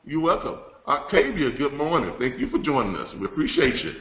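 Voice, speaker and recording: A man hosts a live online broadcast in a chatty, rambling manner, full of fillers and false starts. His voice sits at an ordinary pitch. The sound is roomy and a little dull. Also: big pitch swings, brisk, over a noisy crowd. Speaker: host of a live business broadcast. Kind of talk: live-stream teaching and announcements.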